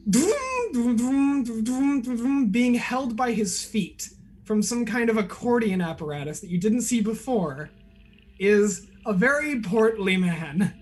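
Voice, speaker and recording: A man narrating a tabletop game as game master, describing scenes loosely with frequent "like" and "uh". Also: high voice.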